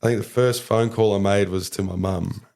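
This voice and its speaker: A young Australian man tells a story in a casual podcast chat. His voice sits very low and carries a gravelly fry. He rambles from thought to thought and leans on fillers. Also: fairly even intonation, fairly quick, a little mellow. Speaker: podcast guest, rugby league player.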